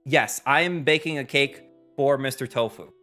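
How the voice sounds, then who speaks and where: A man streaming live while he bakes in a home kitchen, rambling and joking loudly with his viewers, his microphone set some way from his face. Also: medium pitch, normal speed, soft background music. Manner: loud, rambling, jokey, chatting with viewers. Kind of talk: casual chat while baking. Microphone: microphone set far from his face.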